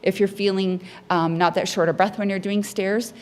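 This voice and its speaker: A woman giving a health education talk on breathing techniques, lively and acting out patients' words in her stories. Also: medium pitch, normal speed. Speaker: pulmonary rehabilitation educator.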